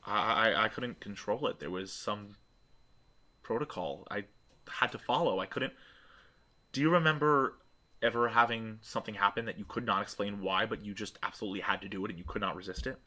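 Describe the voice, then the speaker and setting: A man voicing a calm, remorseful female android in a tabletop game, speaking softly. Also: fairly low pitch, brisk. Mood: pleading.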